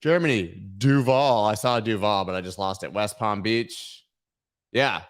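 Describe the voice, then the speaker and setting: Seated at a webcam, a man hosts a live crypto news stream, chatting with viewers in a relaxed, joking way and riffing on silly bits. He speaks on the low side and takes his time.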